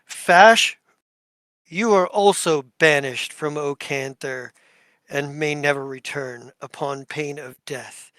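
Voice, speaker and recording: A man voicing an imperious, commanding male duke who speaks formally and slowly. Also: on the high side, a bit bright, dry recording. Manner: formal, pronouncing judgment slowly.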